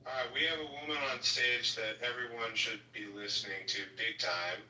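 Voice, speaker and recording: A man's voice: medium pitch, fairly even intonation, moderate pace, pushed and bright. A man hosting a casual live audio chat, lecturing emphatically. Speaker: host. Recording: echoey, distant, faint noise.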